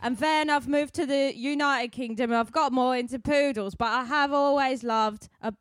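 A woman's voice: high voice, fairly even intonation, normal speed, no room sound, studio quality, lightly acted. A woman playing a dotty British-accented alpaca farmer. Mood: earnest. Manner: earnest, rambling, oddly confident. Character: dotty female alpaca farmer and animal behaviourist. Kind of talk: improvised comedy character.

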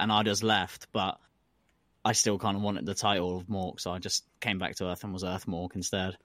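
A man's voice: low voice, level tone, fairly quick, fairly bright tone, no echo, studio quality. A man co-hosting a comedy podcast, telling a story in a laid-back, slangy way. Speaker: podcast co-host. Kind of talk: casual chat.

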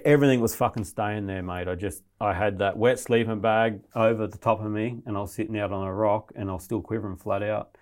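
A man telling a survival story in casual, rambling, heavily profane talk. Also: lowish voice. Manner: profane, rambling, animated retelling.

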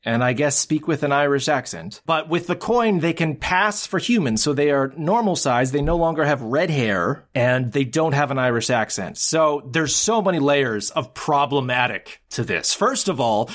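A man's voice: fairly high pitch, lively intonation, normal speed, hardly any pauses, fairly bright tone. A man co-hosting a podcast in casual chat, recapping a plot in a heated, ranting way. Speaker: podcast co-host.

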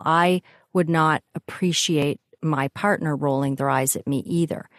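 A woman's voice: low voice, dry recording, studio quality. A middle-aged woman hosting a podcast, speaking candidly and thoughtfully about her own parenting. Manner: candid, thoughtful, self-critical. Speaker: podcast host, mother. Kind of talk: casual conversation.

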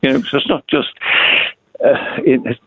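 A man's voice: mid-range voice, huge pitch swings, measured pace, creaky, breathy edge, no room sound. An older man with a Liverpool accent, a poet taking part in a casual radio interview and telling rambling anecdotes. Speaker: guest poet. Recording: phone-like line.

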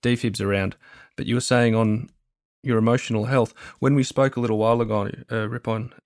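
A man hosting a podcast, asking calm, steady questions. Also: mid-range voice, a little fast, dry recording, clean studio sound. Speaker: podcast host. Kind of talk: interview questions.

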